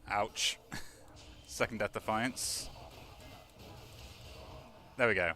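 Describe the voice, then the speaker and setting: A man's voice: lowish voice, very slow, pushed and bright, soft background music. A young man giving casual, rambling commentary while playing a video game, chuckling and using lots of fillers. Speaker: let's play gamer.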